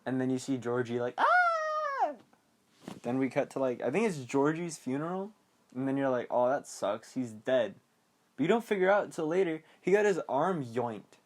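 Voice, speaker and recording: A man's voice: mid-range voice, brisk, darkish tone, a little hiss or hum. A young man hosting a podcast, casually recapping a horror movie in a rambling, giggly way and acting out the characters' lines. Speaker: podcast host.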